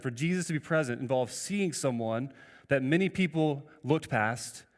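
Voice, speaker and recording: A man's voice: mid-range voice, long reverb tail. A man preaching a sermon earnestly, with frequent restarts and rhetorical questions to the congregation. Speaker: pastor.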